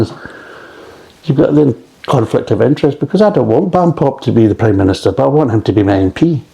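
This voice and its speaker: A man's voice: mid-range voice, creaky, mellow, low-quality recording. A middle-aged man with a Scottish accent reviewing beer in a blunt, grumbling way and swearing often.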